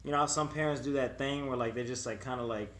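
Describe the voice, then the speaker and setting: A young man vlogging, telling a story in a casual, animated way, swearing freely and acting out what people said. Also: mid-range voice, fast. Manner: animated, swearing, acts out quotes.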